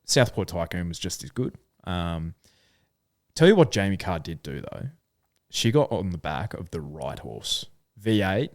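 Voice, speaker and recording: This Australian podcast co-host chats casually and animatedly, working through his thoughts aloud with lots of fillers. His slightly low voice swings up and down a great deal at an unhurried pace. The sound is dry and close, with no echo or room around it.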